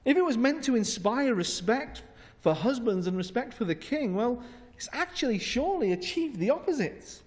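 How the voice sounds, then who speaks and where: A man's voice: sits high, big pitch swings, moderate pace. A man preaching a sermon in a church, humorous and sarcastic. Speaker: pastor. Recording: long church reverb.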